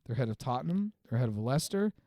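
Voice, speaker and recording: A man's voice: mid-range voice, big pitch swings, warm tone, no room sound. A man co-hosting a podcast from a home studio, teasing and bantering in a casual sports chat. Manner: quick, teasing, fast banter. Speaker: podcast co-host.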